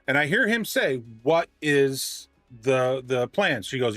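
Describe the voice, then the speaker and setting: A man casually telling a long story on a livestream, ranting and animated, often restarting his sentences. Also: medium pitch, measured pace, few pauses, dry recording, soft background music.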